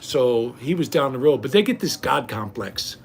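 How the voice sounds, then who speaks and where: An older man talks straight to his viewers in a loose, folksy ramble, often tripping over his words and starting sentences again. His voice sits at an ordinary middle pitch. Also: sing-song, moderate pace, vocal fry, slight background noise. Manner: folksy, rambling, frequent restarts and stammers. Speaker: vlogger. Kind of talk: casual rambling chat to viewers.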